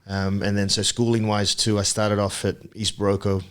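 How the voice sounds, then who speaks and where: A man in his thirties from Papua New Guinea, a podcast guest telling his story in a relaxed, reflective way with many ums and restarts. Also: fairly low pitch, normal speed. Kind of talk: casual interview chat.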